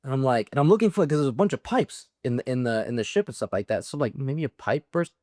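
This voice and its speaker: A young man in his twenties, a Marine veteran guest, telling profane, animated stories in casual chat with frequent laughs. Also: mid-range voice, quick pace, no room sound, clean studio sound. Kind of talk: casual storytelling.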